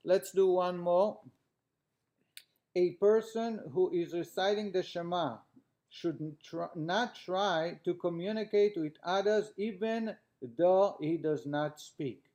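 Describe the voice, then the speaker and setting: Man, teacher, reads aloud then explains, fairly high voice. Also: slow, dark tone, dull audio. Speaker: rabbi teaching a class. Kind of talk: reading and explaining a text to a class.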